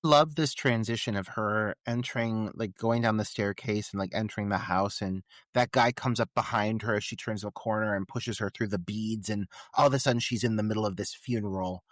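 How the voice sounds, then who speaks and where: A man's voice: on the low side, a little fast, hardly any pauses, no room sound. A man co-hosting a podcast who talks about a film with enthusiastic, laugh-filled remarks and many fillers. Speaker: podcast co-host. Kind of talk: casual film discussion.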